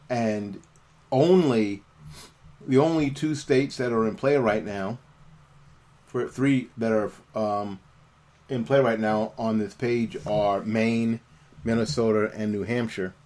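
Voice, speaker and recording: Halting, um-filled man talking casually. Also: on the low side, darkish tone. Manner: halting, full of ums and restarts. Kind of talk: casual live commentary.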